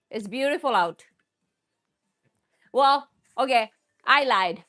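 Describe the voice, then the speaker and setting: A woman's voice: high voice, expressive, slow, pauses often, a bit bright, faint music behind. Chatty woman hosting a cooking livestream. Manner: chatty, rambling, talks straight to viewers. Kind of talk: live stream chat.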